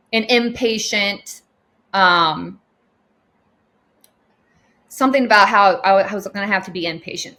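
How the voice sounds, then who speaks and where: Woman, bright tone, patient telling her own story conversationally, acts out what others said. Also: medium pitch. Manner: chatty, retells scenes with quoted dialogue and frequent "like". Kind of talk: casual personal storytelling.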